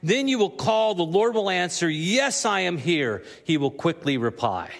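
Pastor guy preaching, pretty high voice, earnest and punchy, big echoey church hall. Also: very animated, normal speed, gravelly, fairly bright tone. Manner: earnest, building to emphatic preaching. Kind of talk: sermon. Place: church sanctuary.

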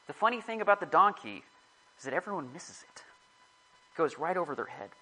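A man's voice: fairly high pitch, sing-song, a little fast, sharp tone, low-quality recording. A man giving a casual, rambling sermon to a small group, often correcting himself as he talks. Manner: rambling, self-correcting, chatty.

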